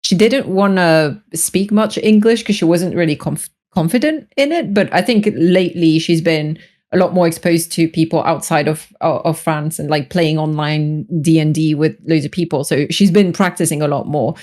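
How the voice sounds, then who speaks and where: A woman's voice: low-pitched, moderate pace, a little mellow. A woman chatting casually as a podcast guest, laughing often and restarting her sentences.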